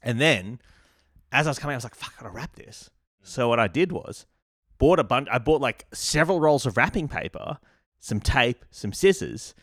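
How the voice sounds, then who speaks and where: A man's voice: mid-range voice, expressive, normal speed, fairly bright tone, no echo. A man co-hosting a casual podcast chat, with a dry, teasing, wry manner. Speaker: podcast co-host.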